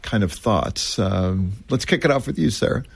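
Male host, low voice, affirming and probing interview style. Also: animated, moderate pace, creaky, breathy edge. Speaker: talk show host. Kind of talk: interview talk show.

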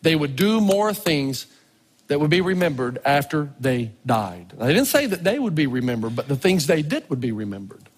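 A male pastor preaching a storytelling sermon, animated, swinging from low murmurs to loud exclamations, with a husky voice. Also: moderate pace. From Tennessee. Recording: long reverb of a large hall.

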